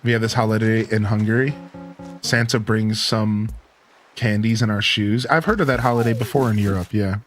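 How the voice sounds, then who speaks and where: A male game streamer chatting casually with his live viewers, relaxed and rambling with lots of "like" and "you know", his voice still a bit worn. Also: fairly low pitch, normal speed, soft background music.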